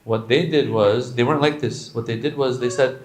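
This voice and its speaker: A man giving a sermon in a mosque, talking casually, dropping to soft asides, rising sharply for quoted lines and repeating words for emphasis. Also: medium pitch, fairly even intonation, moderate pace. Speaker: religious lecturer.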